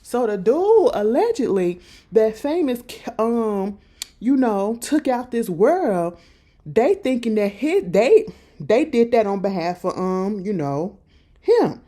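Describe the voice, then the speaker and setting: A woman casually recapping a TV episode, telling it in lively slang and acting out what the characters say. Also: fairly high pitch, takes it slowly. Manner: animated, slangy storytelling that acts out the characters' lines.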